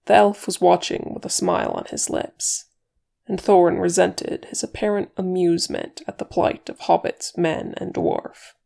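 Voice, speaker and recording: A woman narrating a chapter of fan fiction as an audiobook reader, measured and expressive. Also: fairly low pitch, vocal fry.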